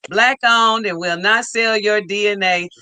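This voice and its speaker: A woman's voice: mid-range voice, fairly even intonation, measured pace, bright, forceful tone, a little hiss or hum. A woman co-hosting a casual livestream, enthusiastically reading out viewer comments. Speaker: livestream co-host.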